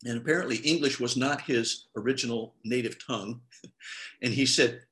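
A man's voice: medium pitch, normal speed. A man preaching in a conversational way. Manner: conversational preaching with lively quoted voices. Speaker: pastor. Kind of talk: sermon.

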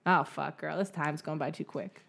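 A woman's voice: sits low, moderate pace, vocal fry, a bit bright. A young adult woman co-hosting a podcast in casual chat, loose and swearing freely with giggly asides. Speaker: podcast co-host.

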